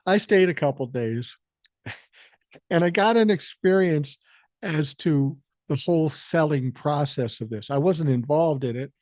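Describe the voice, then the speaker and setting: A man in his sixties from the Midwest spins a story on his podcast, blunt and laid-back, with plenty of swearing. His voice sits a bit high for a man, recorded close and dry with no room sound. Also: moderate pace, a little mellow, no room sound. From American Midwest. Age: 60s. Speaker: podcast host. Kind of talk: casual storytelling monologue.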